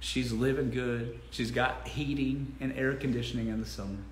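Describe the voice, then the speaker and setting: A weary older father grumbles and muses in a lower, dropped voice, as a man puts him on. The sound is roomy, with an echo around it. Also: fairly even intonation, moderate pace, natural voice. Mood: content.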